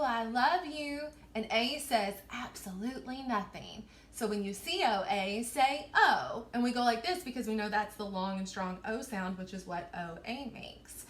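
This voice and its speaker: A woman teacher giving a recorded online reading lesson to young children, slowly stretching out and sounding out words in a sing-song way. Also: on the high side, fairly bright tone, a little hiss or hum. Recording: echoey room.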